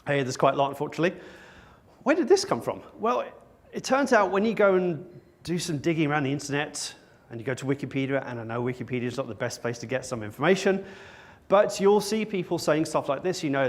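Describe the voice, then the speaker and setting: The speaker is a man who talks fast, with an expressive, fairly high-pitched voice. He's giving a conference talk on stage before an audience, wry and self-mocking in his humor.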